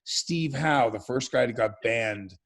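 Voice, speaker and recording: A man chatting as an interview guest over a video call, telling stories with quick asides and restarts. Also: medium pitch. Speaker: interview guest, former reality show participant. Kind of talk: storytelling interview chat.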